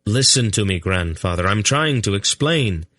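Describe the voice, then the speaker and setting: A man's voice: on the low side, lively intonation, normal speed, a bit bright, dry recording, clean studio sound. A man voicing an earnest, pleading young man. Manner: urgent, raises voice when calling.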